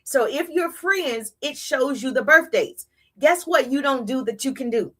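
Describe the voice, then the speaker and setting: A woman giving an energetic, repetitive live-stream coaching talk on social media business, chatting with her viewers. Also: sits high, a little slow. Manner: energetic, repetitive, playful hype.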